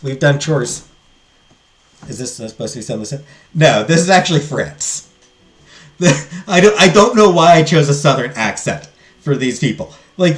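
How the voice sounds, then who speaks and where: A man's voice: on the high side, roomy sound. Jokey male let's play host. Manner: jokey, chatty, laughs at himself, answers chat. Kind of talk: casual gameplay commentary.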